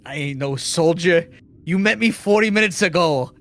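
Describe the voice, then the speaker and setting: A man's voice: on the high side, normal speed, a bit bright. A man playing in a tabletop game, talking in character in a cocky, defiant, slangy way. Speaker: player. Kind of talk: in-character tabletop role-play.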